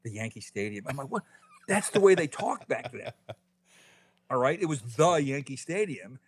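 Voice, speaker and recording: A man in his fifties, an author telling stories as a podcast guest, animated, with quick restarts and lots of "you know.". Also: fairly high pitch, slight background noise. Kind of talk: casual podcast interview.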